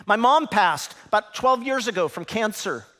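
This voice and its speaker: A middle-aged man preaches with a high, animated voice that jumps around in pitch. He drops to a hush and then climbs to near shouts. The sound carries the long reverb of a large church hall. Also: moderate pace. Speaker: pastor. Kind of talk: sermon.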